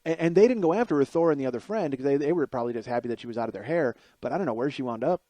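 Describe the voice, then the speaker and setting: A man's voice: mid-range voice, lively intonation, racing, warm tone, dry recording. A man in his forties, a podcast host, telling a comic personal story in a profane, rambling, self-deprecating monologue. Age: 40s.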